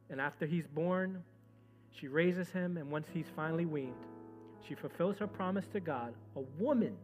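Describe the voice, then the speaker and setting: High-voiced preaching man with music behind. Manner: preaching with swings from loud and urgent to soft and low. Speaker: pastor. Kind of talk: sermon.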